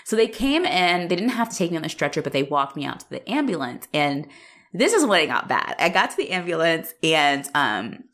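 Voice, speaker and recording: A woman co-hosting a podcast, telling a story in casual chat, animated, laughing often and acting out what people said. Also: low voice, a little fast. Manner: animated, laughs often, acts out quotes, swears freely. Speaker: podcast co-host.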